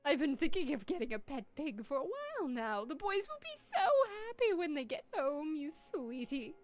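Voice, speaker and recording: A woman's voice: sits high, big pitch swings, moderate pace. A woman voicing a sweet, motherly village woman who gushes over a gift. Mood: gushing. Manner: gushing, doting.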